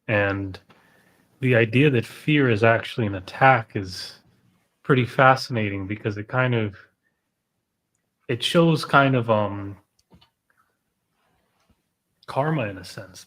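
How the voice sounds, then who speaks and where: A man's voice: mid-range voice, measured pace, a bit bright, poor audio. A man hosting an interview, asking thoughtful, hedging questions. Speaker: host.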